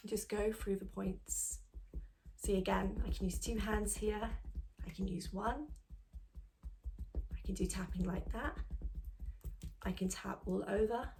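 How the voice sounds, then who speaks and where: A woman guides beginners through a tapping routine, calm and reassuring. She explains each step gently and clearly, like a patient coach talking to one person. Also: medium pitch, slow, long pauses, soft background music. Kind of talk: instructional tutorial.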